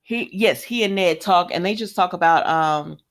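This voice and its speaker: A woman's voice: lowish voice, moderate pace. A woman, casually recapping a soap opera episode, chatty, laughing often and slipping into voices for the characters.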